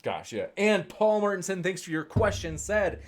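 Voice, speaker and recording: Man, debate moderator, reads viewer questions, animated pitch, jokey and playful. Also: normal speed, few pauses. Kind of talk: casual live-stream moderation.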